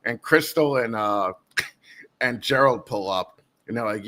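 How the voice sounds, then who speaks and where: Casual podcast chat from a man guest hosting the show. He talks in a bright, forward voice and tells his story in loose, rambling loops, restarting his sentences and laughing as he goes. His pitch sits in the middle of the male range. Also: takes it slowly. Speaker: guest host.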